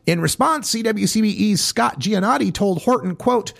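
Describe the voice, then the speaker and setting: A man delivering pointed commentary, reading quotes one after another in a measured way and stressing each one with pauses. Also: high-pitched, animated, creaky, fairly bright tone.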